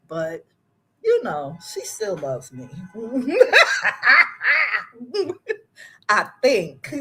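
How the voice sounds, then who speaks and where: A woman's voice: fairly high pitch, animated, extremely slow, a bit bright. A woman hosting a live show, telling stories in casual chat, laughing often and drawing out her exclamations.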